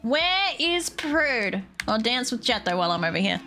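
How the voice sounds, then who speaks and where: A woman's voice: on the high side, big pitch swings, moderate pace, sharp tone, soft background music. A young woman streaming a game, grumbling aloud with sarcastic, heavily sworn commentary. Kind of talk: casual gameplay commentary.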